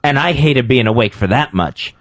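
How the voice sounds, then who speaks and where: A man's voice: medium pitch, animated, normal speed, a bit bright, no room sound. A man co-hosting a talk radio show in plain, casual conversation. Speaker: radio co-host.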